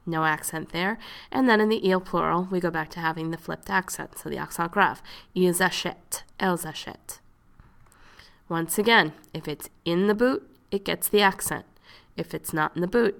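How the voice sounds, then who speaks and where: A woman teaching a lesson at a patient, step-by-step pace. She sounds out each word slowly for learners to follow. Her voice sits a little low with a gravelly edge. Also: fairly bright tone. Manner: patient, explains step by step, models pronunciation slowly. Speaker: French teacher. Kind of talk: classroom lesson narration.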